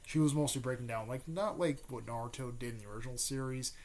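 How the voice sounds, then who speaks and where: A man's voice: medium pitch, fast, darkish tone, a little hiss or hum. A man casually retelling an anime fan story, rambling with many fillers, restarts and repeated pet words.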